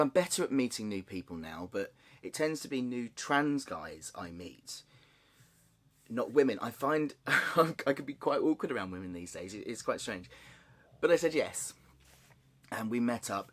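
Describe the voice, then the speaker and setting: A man sharing a personal story in a candid, halting way, with nervous laughs and frequent restarts. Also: medium pitch. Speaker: vlogger. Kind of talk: personal confessional vlog.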